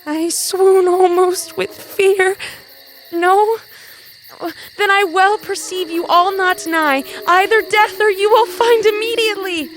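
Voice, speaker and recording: A woman's voice: very high-pitched, fairly even intonation, slow pace, a bit bright, slight background noise, exaggerated voice. An actress playing a modest young noblewoman in a college stage play, earnest and pleading. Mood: frantic.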